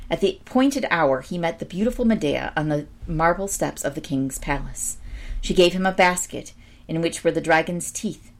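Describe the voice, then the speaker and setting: A woman reading a storybook aloud at a steady pace, now and then stumbling and correcting herself. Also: fairly low pitch. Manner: steady reading with small slips and self-corrections. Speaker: storybook reader.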